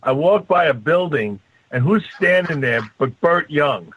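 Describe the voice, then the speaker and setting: A man telling an animated story on a radio show, husky and acting out the voices. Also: fairly high pitch, unhurried, poor audio. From New York. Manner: animated, acts out voices in his anecdotes.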